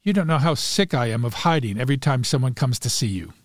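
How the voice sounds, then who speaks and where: A man's voice: medium pitch, animated, fast, no echo, close to an everyday voice. An annoyed man answers curtly and impatiently, as the storyteller reads him. The lines come in the narrator's own register with an irritated edge. The sound is dry and close.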